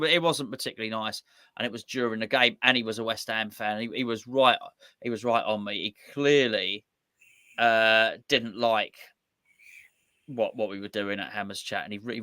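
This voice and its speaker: A bright, quick-talking man tells stories in a casual chat, acting out what other people said. His voice sits a little high and sounds close and dry. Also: dry recording. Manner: animated storytelling, quotes others. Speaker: fan channel host.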